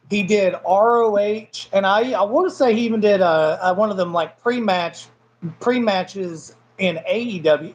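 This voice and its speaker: A man with a Southern accent, a wrestler chatting as an interview guest in a relaxed, agreeable way. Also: high-pitched. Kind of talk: casual conversational interview.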